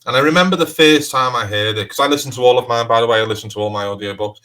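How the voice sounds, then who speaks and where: In a low-quality recording, a Scouse-accented crime author from Liverpool races through a casual interview in a bright, forceful, mid-range voice. He rambles, restarts sentences and leans heavily on "you know."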